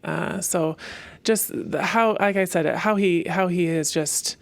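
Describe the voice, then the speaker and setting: A woman assistant coach talking warmly and loosely about her head coach, with plenty of fillers. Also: lowish voice, measured pace, vocal fry, no room sound. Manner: heartfelt, rambling with fillers. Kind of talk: casual chat.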